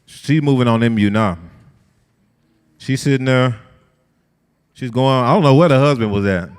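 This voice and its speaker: Man, lively preaching-style teacher, smooth resonant voice, long reverb. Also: mid-range voice, moderate pace. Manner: lively, talks straight to the group, asks them questions. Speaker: Bible study teacher. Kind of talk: conversational sermon-style lesson.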